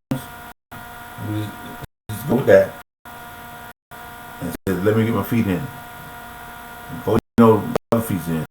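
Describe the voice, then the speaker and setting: This adult man's voice is on the low side and a little mellow. As a motivational speaker, he gives a casual, preachy monologue into a computer webcam mic, repeating points and asking rhetorical questions. Echo and faint mains hum color the audio.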